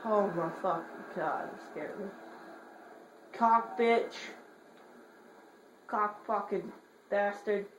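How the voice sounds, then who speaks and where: A woman giving horror game commentary, swearing in rapid repeated bursts and joking while muttering quietly between outbursts. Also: mid-range voice. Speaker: gamer. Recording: roomy echo, faint hiss.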